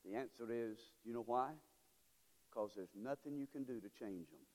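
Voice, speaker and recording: A male pastor preaching a sermon with call-and-response, swinging between shouts and low murmurs. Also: normal speed. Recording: long reverb of a large hall.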